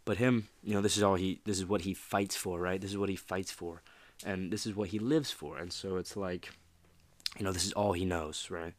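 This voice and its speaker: Deep-voiced man giving a motivational talk. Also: steady tone, normal speed. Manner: casual, rambling, fired up, talks to listener directly. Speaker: podcast host.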